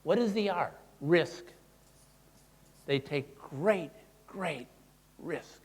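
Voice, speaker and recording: A man presenting a teaching seminar, who talks in an animated way and acts out his examples in character voices. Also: fairly high pitch, extremely slow, husky. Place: presentation room. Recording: long hall reverb.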